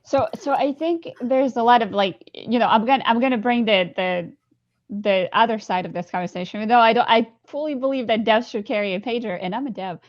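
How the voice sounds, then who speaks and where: A woman's voice: on the high side, fairly quick. A woman moderating a panel discussion over a video call, talking casually with many fillers and posing questions. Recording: dull lo-fi audio.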